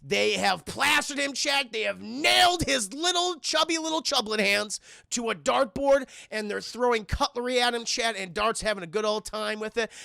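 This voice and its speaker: Profane animated male streamer. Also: extremely high pitch, normal speed, vocal fry, hardly any pauses, no room sound, studio quality. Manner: animated, profane, addresses chat often. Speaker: streamer and film reviewer. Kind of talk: casual film recap to live chat.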